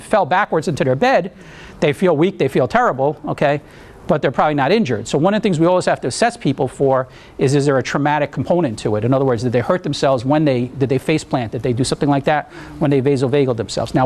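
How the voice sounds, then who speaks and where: A man from New teaching an EMT class, explaining in a conversational way, telling anecdotes and asking the room questions. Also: fairly high pitch. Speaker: EMT instructor. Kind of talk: classroom lecture.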